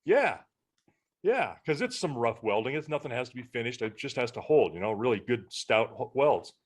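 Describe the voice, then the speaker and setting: A man's voice: medium pitch, a little fast. A man co-hosting a podcast who tells stories in casual chat and acts out the back-and-forth of what people said. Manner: animated storyteller, acts out quoted exchanges. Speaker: podcast co-host.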